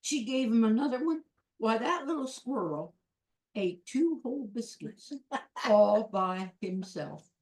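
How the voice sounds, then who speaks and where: A woman's voice: fairly high pitch, expressive, a little slow, darkish tone. Rhythmic woman telling a folk tale. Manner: rhythmic, repetitive, with sound words. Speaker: storyteller.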